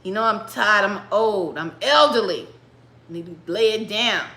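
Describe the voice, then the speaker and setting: A woman voicing a tired, half-blind old patriarch who talks in slow, sighing complaints, recorded in an echoey room. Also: mid-range voice, fairly bright tone, voice pushed down, lightly acted. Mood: weary.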